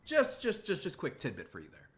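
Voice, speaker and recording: A bright, high-pitched male podcast host talking through his reactions, his pitch swinging widely as he restarts sentences and breaks into laughter. It is loose, animated commentary. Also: brisk, soft background music. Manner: animated, laughs often, many filler restarts.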